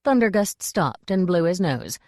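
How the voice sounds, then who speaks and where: A woman reading an audiobook in a measured storytelling manner. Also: fairly low pitch, big pitch swings, darkish tone, no echo, clean studio sound. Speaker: audiobook narrator. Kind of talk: scripted audiobook narration.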